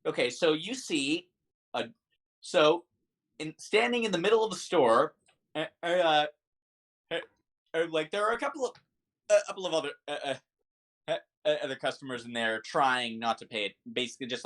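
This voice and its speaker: A man narrating as game master of a tabletop game, halting with many fillers and restarts. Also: on the high side, expressive, a bit bright.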